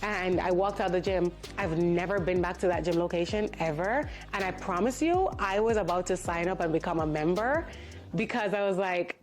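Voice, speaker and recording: Animated woman telling a storytime. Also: on the low side, normal speed, faint music behind. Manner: animated, indignant retelling with quoted voices. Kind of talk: casual storytime.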